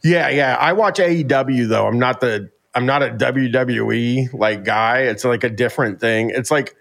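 A man's voice: medium pitch, normal speed, creaky, a bit bright. A man co-hosting a casual podcast, joking wryly and laughing often. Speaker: podcast co-host.

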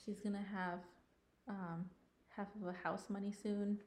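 A woman's voice: mid-range voice, flat delivery, measured pace, a little mellow, reverberant, a little hiss or hum. A woman in her thirties co-hosting a podcast, chatting casually in an easygoing, playful way and laughing often. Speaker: podcast co-host. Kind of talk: casual chat.

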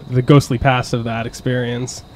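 A man with a mid-range voice trading blunt, dry remarks on a casual podcast. His jokes come out flat and deadpan. A faint hiss runs behind the voices. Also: mid-range voice, moderate pace. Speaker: podcast co-host. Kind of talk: casual group chat.

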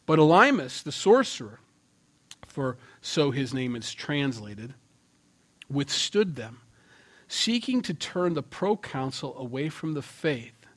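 Male pastor, middle-aged, sermon, emphatic, loud then hushed, conversational preaching. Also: mid-range voice, sing-song, slow pace.

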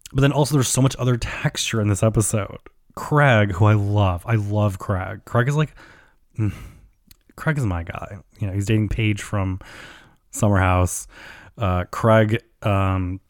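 A man's voice: lowish voice, dry recording, studio quality. A man hosting a podcast, recapping a reality show in casual chat, gossipy and swearing, acting out quotes with lots of fillers. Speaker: podcast host.

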